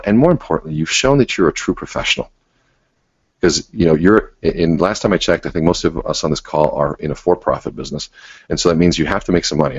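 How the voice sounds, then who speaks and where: A man presenting a sales training webinar, coaching listeners and acting out sample conversations with lively voice inflection. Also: rumbling low, husky, no room sound, lo-fi sound. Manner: coaching, acts out sample dialogues with strong inflection.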